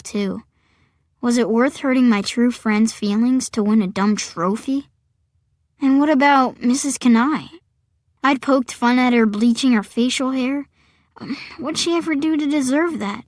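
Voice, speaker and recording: A woman's voice: fairly high pitch, a little mellow, no room sound, studio quality. A woman reading a first-person audiobook in a wry, conversational storytelling manner. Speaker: audiobook narrator.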